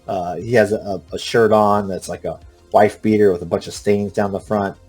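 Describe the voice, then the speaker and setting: A man runs a tabletop game, describing scenes in a lowish voice. He pauses often on uh and um as he narrates. Faint music plays behind him. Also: fairly even intonation, a little mellow. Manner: halting, full of uh and um. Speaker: game master.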